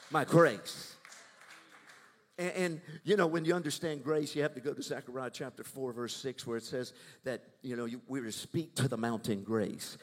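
An older man preaching to a congregation, moving between hushed asides and loud proclaiming, and asking the crowd if they follow. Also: on the high side. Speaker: minister. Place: church sanctuary. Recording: long church hall reverb.

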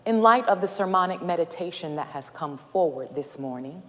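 A woman's voice: lowish voice, lively intonation, normal speed, fairly bright tone. A woman preaching a sermon in a church, speaking in rhetorical, rhythmic repetitions that build in intensity. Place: church sanctuary. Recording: long reverb of a large hall.

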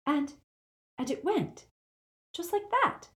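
A sharp, anxious teenage witch, put on by a woman reader speaks well above the reader's own pitch. She fires off pressing questions one after another. It is a storybook reading. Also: animated, heavily acted. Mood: hushed awe. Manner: rapid, pressing questions in a raised voice.

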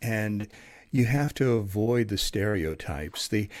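A man with a somewhat low voice talking casually, relaxed and chatty, with many pauses and fillers. The recording is dry and close, with no echo at all. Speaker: audiobook narrator. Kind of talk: casual interview talk.

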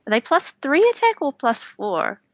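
A woman's voice: high voice, wildly swooping pitch, normal speed, dry recording. A woman playing a tabletop game, chatty and giggly while describing her character's actions. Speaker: player.

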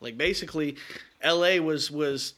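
A man's voice: on the high side, normal speed, a bit bright. A man in casual chat, talking loosely with slang and swearing, often repeating words and restarting. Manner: swears freely, laid-back slang.

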